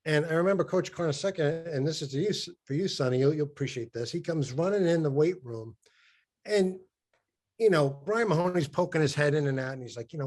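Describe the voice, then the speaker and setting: A man's voice: a little high, a little mellow. A man, a former college basketball player, telling stories on a podcast video call, stumbling and repeating words as he talks. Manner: halting, repeats words, mimics his old coach. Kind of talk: casual storytelling on a video call.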